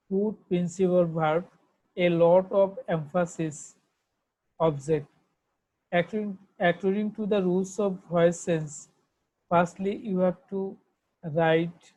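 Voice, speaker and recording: A woman's voice: on the low side, darkish tone, low-quality recording. A woman with a Bangladeshi accent, giving an online English grammar lesson, who repeats herself and spells words out letter by letter. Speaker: English teacher.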